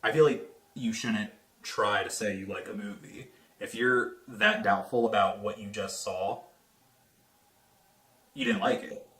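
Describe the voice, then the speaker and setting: A man rattles through a casual movie review in a bright, forceful voice, animated and swearing freely. He talks fast and with a lot of energy, never slowing into a formal tone. The sound is roomy, with a clear echo from the space around him. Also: on the low side. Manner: animated and heavily profane, talking fast. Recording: echoey room.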